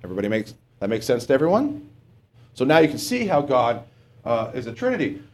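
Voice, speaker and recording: A man's voice: medium pitch, wildly swooping pitch, fairly quick. A male preacher giving a conversational sermon, often asking the congregation questions and adding "okay?" as he goes.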